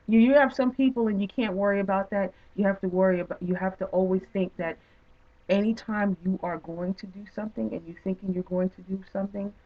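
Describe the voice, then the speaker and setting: A woman hosting an interview, talking in an earnest, affirming way and often repeating her points for emphasis. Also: lowish voice. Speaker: talk show host. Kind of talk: encouraging interview talk. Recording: tinny phone-like sound.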